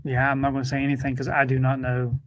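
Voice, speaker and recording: A man's voice: mid-range voice, monotone, fast, fairly bright tone, dry recording. Dry, sarcastic man with a close sound. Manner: dry and sarcastic, hesitant with ums. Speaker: guest. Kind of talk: casual conversation.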